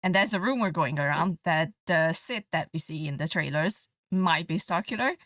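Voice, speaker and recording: Woman on a podcast, lowish voice, kinda far from the mic, gushy fan rambling. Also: normal speed, a bit bright, no echo, clean studio sound. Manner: gushing fan talk with many fillers. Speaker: podcast co-host. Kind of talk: casual podcast chat.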